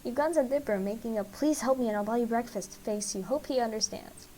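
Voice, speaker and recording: A woman with a fairly high voice reads a dating game aloud at a fast pace, a little out of breath. She pokes fun at her own slips as she goes, over a faint background hiss. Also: mellow, low-quality recording. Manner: fast, self-mocking reading. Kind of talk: game dialogue read-along.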